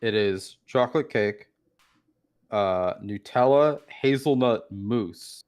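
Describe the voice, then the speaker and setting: A man's voice: fairly low pitch, takes it slowly, darkish tone, smooth. A man co-hosting a podcast in a loose, rambling casual chat, often trailing off mid-thought. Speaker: podcast co-host.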